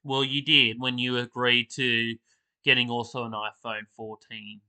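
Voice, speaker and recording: Exasperated man ranting, bright voice. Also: medium pitch, little pitch movement, measured pace, clear, resonant tone, poor audio. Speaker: reaction video host. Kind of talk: casual reaction commentary.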